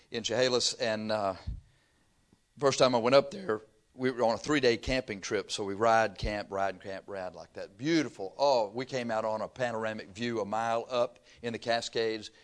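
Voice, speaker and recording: A man's voice: fairly low pitch, steady tone, normal speed. An older man from Texas, preaching a sermon through folksy, humorous stories. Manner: folksy storytelling with laughter.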